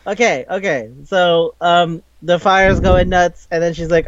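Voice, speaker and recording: A man's voice: a little high, fairly even intonation, normal speed, hardly any pauses. A man co-hosting a casual anime recap podcast, swearing often, laughing and acting out the characters' lines. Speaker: podcast co-host. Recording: dull lo-fi sound, dry room.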